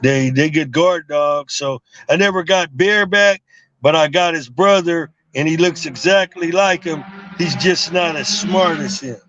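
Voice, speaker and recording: A man's voice: on the high side, measured pace, a bit bright, no room sound. Man, rambling street tales. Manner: rambling with many fillers and restarts. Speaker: guest. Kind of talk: casual storytelling interview. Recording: dull lo-fi live stream audio.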